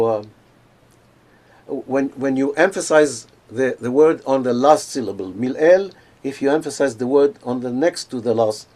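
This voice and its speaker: An older man giving an academic lecture over a video call, pausing often with fillers and restarts. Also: mid-range voice, darkish tone. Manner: hesitant, many fillers and restarts.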